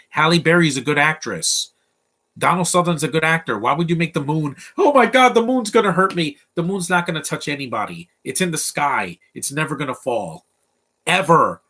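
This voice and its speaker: Young guy, twenties, bright voice, off-the-cuff movie commentary, blunt and rambly. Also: mid-range voice. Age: 20s. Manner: blunt, rambling, opinionated, many restarts. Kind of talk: casual live movie commentary.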